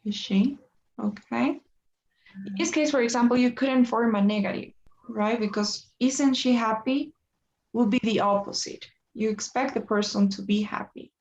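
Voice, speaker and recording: Woman, English tutor, slightly high pitch, gravelly fry, dull lo-fi call audio. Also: steady tone, a little mellow. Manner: patient, slow explanations with restarts. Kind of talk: one-on-one online lesson.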